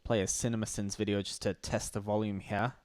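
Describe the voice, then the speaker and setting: A man with a fairly low, darkish voice and little pitch movement hosts a casual livestream, recorded with no echo. Blunt and sardonic, he curses freely and halts often, frequently starting his sentences over.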